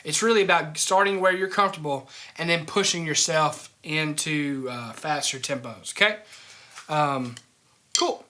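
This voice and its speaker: High-voiced man teaching drum technique. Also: a little slow, pushed and bright. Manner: checks in with "okay?" after each point. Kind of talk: instructional lesson.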